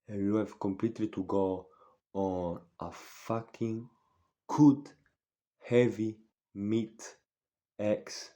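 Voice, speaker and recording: A fairly low, dark male voice belongs to a nineteen-year-old native Spanish speaker. He is a fitness vlogger delivering a blunt, profane, repetitive monologue meant to motivate.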